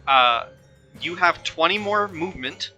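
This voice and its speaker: A man's voice: on the high side, animated, unhurried, pushed and bright, lo-fi sound, soft background music. A man narrating and running a tabletop fantasy game in a casual way. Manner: casual, with fillers. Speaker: game master.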